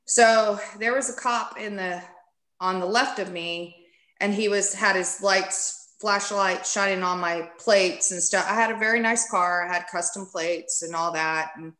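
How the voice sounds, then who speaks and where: Bright-voiced woman telling a story. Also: on the low side, measured pace, reverberant. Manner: candid, animated, acts out quoted speech. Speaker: podcast guest. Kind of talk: casual storytelling.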